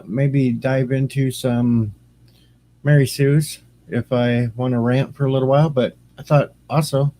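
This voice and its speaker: A man's voice: medium pitch, warm tone. A man casually chatting on his livestream, rambling and greeting viewers by name. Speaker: streamer and radio host.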